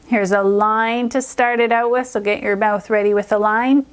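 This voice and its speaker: Speaking at a medium pitch with a fairly even intonation, this young adult reading teacher sounds out letters and words slowly. She keeps the lesson upbeat for her young pupils.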